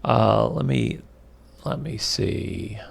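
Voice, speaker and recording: Hiccuping as he goes, a man teaches a web development lecture over a screen capture, speaking slowly and haltingly with many fillers and pauses. His voice is lowish, with vocal fry.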